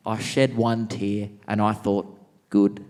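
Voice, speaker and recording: A man's voice: lowish voice, level tone, slow pace, darkish tone, pitched below the performer's own voice. A man voicing an older male Vietnam veteran who speaks bluntly and swears casually. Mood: matter-of-fact.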